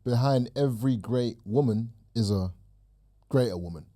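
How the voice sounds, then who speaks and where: A man's voice: mid-range voice, moderate pace, mellow. A man co-hosting a podcast in casual chat, teasing his partner in banter. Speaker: podcast co-host.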